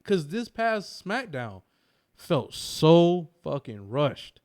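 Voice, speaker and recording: A young man co-hosting a wrestling podcast in casual, animated chat, swearing and laughing often. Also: fairly high pitch, very slow. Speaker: podcast co-host.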